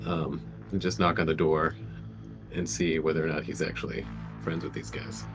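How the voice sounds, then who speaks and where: A man with a very deep voice, playing a character in an online tabletop game. He talks hesitantly, stopping and restarting, while faint music plays underneath. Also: level tone, moderate pace, poor audio. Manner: hesitant, full of ums and restarts. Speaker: player. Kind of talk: casual tabletop role-play.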